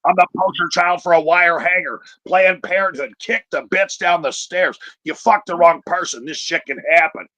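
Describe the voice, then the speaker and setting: A man's voice: sits high, moderate pace, hardly any pauses, pushed and bright, no echo. A middle-aged man telling a profane, rambling stand-up story full of fillers. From Chicago area. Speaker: stand-up comedian.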